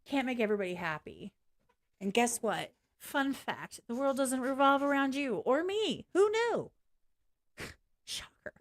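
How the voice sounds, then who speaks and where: A woman chats straight to her stream viewers in a loose, unscripted rant. Her voice sits a little high for a woman, and she is blunt and swears freely. She laughs easily between points. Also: lively intonation, normal speed. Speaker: live streamer. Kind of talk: casual ranting livestream chat.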